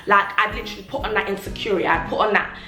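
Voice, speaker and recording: A woman's voice: medium pitch, steady tone, rapid-fire. A young woman talking casually to her vlog audience, full of fillers and acting out things people said to her. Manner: chatty, filler-heavy, acts out remembered remarks. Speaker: vlogger. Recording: roomy echo, faint music.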